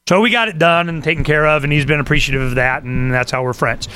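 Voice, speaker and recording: A man's voice: a little high, brisk, hardly any pauses, sharp tone, clear, resonant tone. A man hosting a talk radio show, rambling through a casual monologue full of fillers and asides.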